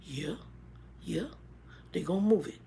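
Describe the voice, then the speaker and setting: Woman mimicking a quiet mumbling weary man. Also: lowish voice, unhurried, gravelly, breathy edge, full character voice. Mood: plaintive. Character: weary man mumbling about his surgery.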